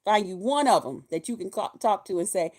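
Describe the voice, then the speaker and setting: Woman in her 50s ranting on her vlog, swears a lot, pitch jumps all over. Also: brisk. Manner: animated, profane, laughing. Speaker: vlogger. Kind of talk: casual commentary vlog.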